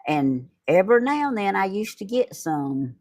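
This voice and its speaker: A woman's voice: mid-range voice, big pitch swings, normal speed, a little mellow. A middle-aged woman hosting a home video, chatting casually and laughing often. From Georgia. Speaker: YouTube host. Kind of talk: casual chat.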